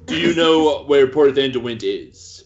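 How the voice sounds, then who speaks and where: Animated man playing a tabletop game. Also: medium pitch, measured pace, a little hiss or hum. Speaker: player. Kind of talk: casual tabletop play. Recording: dull lo-fi mic.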